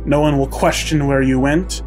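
A man voicing a cold, condescending male scientist director who speaks with quiet menace. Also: a little high, fairly even intonation, moderate pace, faint music behind, close to an everyday voice. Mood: menacing.

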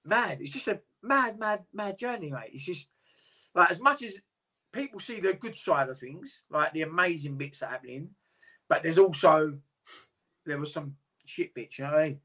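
A man tells his story in a casual interview. He talks candidly and rambles, swearing freely. His voice is bright and sits a touch high. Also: animated, normal speed. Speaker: interview guest, boxer.

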